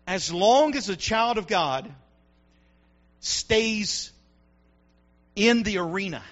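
High-voiced fervent preacher. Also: male voice, animated, takes it slowly, lo-fi sound. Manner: preaching with rising fervor, shouting at peaks. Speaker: pastor. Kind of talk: sermon. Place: church.

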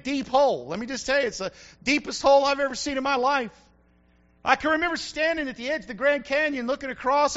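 A man's voice: extremely high pitch, a bit bright. A middle-aged male pastor giving a folksy, emphatic sermon with repeated refrains. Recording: muffled lo-fi recording.

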